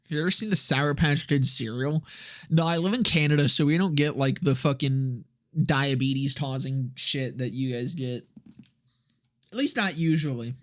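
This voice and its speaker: A man's voice: mid-range voice, moderate pace, fairly bright tone, no room sound, clean studio sound. A young man streaming and chatting with viewers in a profane, rambling way, often laughing at his own jokes. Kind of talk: casual livestream chat with viewers.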